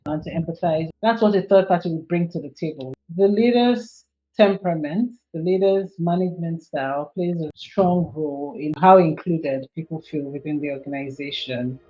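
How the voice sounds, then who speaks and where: A woman guest on a podcast, explaining her points in a measured, steady way. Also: low-pitched. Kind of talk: conversational podcast interview. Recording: dull lo-fi audio with faint music.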